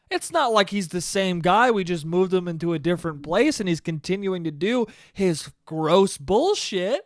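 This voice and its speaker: A man with a high voice rants his way through a comedic solo podcast story, full of swearing and asides. He talks right into a close mic, and the sound is completely dry. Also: lively intonation, moderate pace, few pauses, no echo. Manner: profane, ranting storyteller. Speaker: podcast host.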